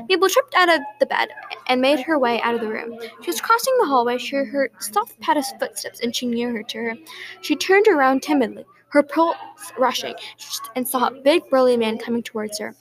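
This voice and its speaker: A woman's voice: high voice, animated, a little fast, a bit bright, low-quality recording. A woman narrating a story aloud in an earnest way, with small slips and restarts. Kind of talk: storybook reading.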